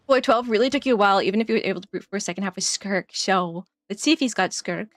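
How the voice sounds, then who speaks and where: A woman's voice: mid-range voice, fast. A woman casually commenting while playing a game on stream, chatty and laughing often, trailing off as she thinks.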